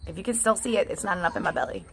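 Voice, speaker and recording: A woman's voice: lowish voice, big pitch swings, rapid-fire, vocal fry, a bit bright, a little hiss or hum. A woman talking in a casual, candid vlog monologue, swearing often and laughing between thoughts. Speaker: vlogger.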